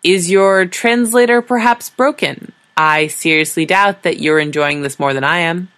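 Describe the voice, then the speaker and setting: A woman's voice: on the low side, normal speed, a bit bright, dry recording, close to an everyday voice. A woman voicing a weary, exasperated diplomat who speaks in a dry, sardonic way.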